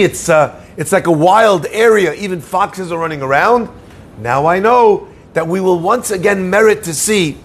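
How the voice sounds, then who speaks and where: A man, a rabbi, giving a Torah class, telling a Talmud story and acting out its dialogue. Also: slight background noise. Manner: storytelling, acts out dialogue with raised pitch. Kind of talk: Torah lecture.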